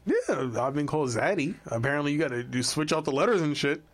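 A man with a slightly raised voice chats casually with a friend. He swears freely and his pitch leaps up when he gets worked up. The talk stays loose and animated. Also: fast. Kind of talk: casual banter.

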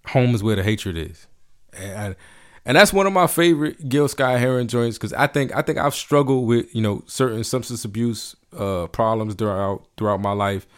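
A man from Washington, D.C. telling a story in casual, laid-back chat, profane and animated. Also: mid-range voice, normal speed, clear, resonant tone.

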